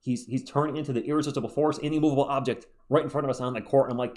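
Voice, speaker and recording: A man hosting a sports channel, talking through basketball opinions in a chatty, animated way with quick asides. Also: medium pitch. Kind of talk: solo sports commentary video.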